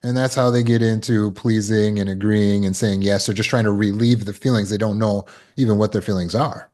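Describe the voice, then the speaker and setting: A man with a low voice teaches trauma recovery in a relaxed, conversational way. He often acts out brief imagined exchanges to make a point. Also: fairly quick. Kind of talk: teaching talk.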